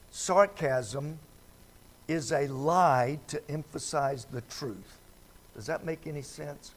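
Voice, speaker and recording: Slow, folksy preacher, fairly high voice. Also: male voice. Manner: folksy, conversational, asks the congregation questions. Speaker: pastor. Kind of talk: midweek Bible study sermon. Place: church sanctuary.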